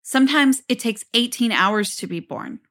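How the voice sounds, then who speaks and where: A female therapist speaks in a calm, coaxing tone that can turn harsh, as a woman reads her lines from a transcript. The voice is bright and crisp. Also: a little high, moderate pace. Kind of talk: dramatic transcript reading.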